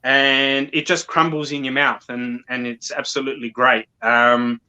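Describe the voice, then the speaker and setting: A man from South Australia speaks with an Australian accent as a guest interviewee on a video call, casual but halting, full of ums, repeated words and restarts. His mid-range voice is flat in delivery, pushed and bright with a clear, resonant tone, though the audio quality is poor.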